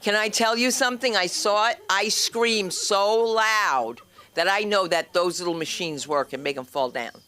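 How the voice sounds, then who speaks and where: A woman's voice: medium pitch, moderate pace, bright, forceful tone. A woman hosting an open mic at a small comedy club and teaching comedy, telling blunt, swearing stand-up anecdotes on a handheld mic. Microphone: handheld stage mic.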